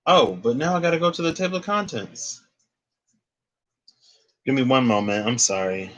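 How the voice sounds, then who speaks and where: A young man talks his way through a tarot reading, circling back and restarting his thoughts as he goes. His voice is bright and forward, set at a middle pitch. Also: lively intonation, normal speed, long pauses. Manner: rambling, restarts phrases, thinks aloud. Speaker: tarot reader. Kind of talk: casual spoken tarot reading.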